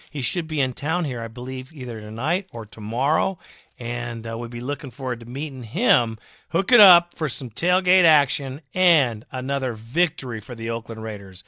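A man's voice: medium pitch, no echo, studio quality. Fired-up man ranting on a fan podcast. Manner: emphatic, rallying, sarcastic rant with sudden loud bursts. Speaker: podcast host.

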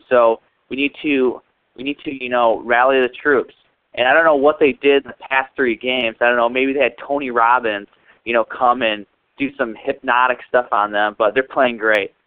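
A man's voice: mid-range voice, no room sound. Male caller ranting over a phone line. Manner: casual, frustrated rambling. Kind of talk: phoned-in voicemail to a fan show.

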